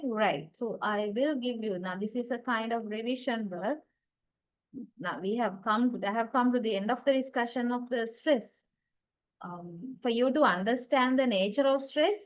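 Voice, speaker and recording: A woman's voice: fairly high pitch, low-quality recording. A woman lecturing on English grammar in an online class, patiently repeating her key points and checking in with her students.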